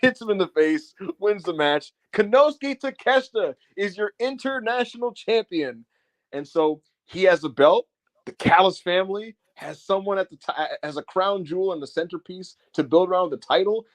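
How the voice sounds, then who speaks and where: A man's voice: high voice, lively intonation, normal speed, dry recording. A man co-hosting a wrestling podcast, giving a casual, profane review, laughing often and acting out what people said. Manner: profane, laughing, acts out quotes.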